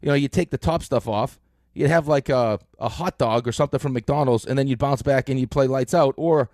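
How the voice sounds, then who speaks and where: A middle-aged man hosting a sports radio show, telling stories in an animated way with lots of fillers, on a close studio mic. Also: medium pitch, a little fast, no room sound. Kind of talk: casual sports talk.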